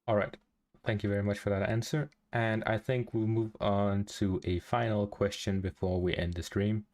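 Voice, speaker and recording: A man hosting a livestream, putting questions to a guest in a steady, even delivery. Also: fairly low pitch, moderate pace. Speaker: stream host and interviewer. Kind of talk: livestream interview.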